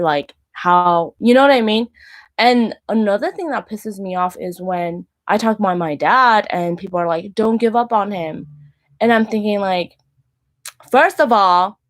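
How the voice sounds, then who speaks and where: A woman in her thirties, the show's host, talking candidly about faith and dating and leaning often on "like". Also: on the low side. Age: 30s. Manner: candid, heavy use of "like". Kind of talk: personal faith talk.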